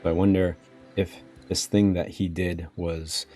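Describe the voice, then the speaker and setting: A man's voice: deep voice, flat delivery, unhurried, mellow, soft background music. A man reading game text aloud and adding loose, chatty asides about its lore.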